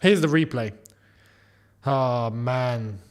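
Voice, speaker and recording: Speaking extremely slowly in a medium-pitched voice, a young man hosts a live football watchalong. He reacts to each play in an animated way, exclaiming and scolding players directly as if they could hear him.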